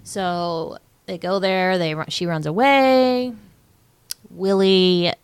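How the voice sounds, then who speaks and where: A woman's voice: lowish voice, slow pace, smooth, no room sound. A woman in her thirties co-hosting a podcast, chatting casually and swearing freely as she recaps a movie. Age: 30s. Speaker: podcast co-host.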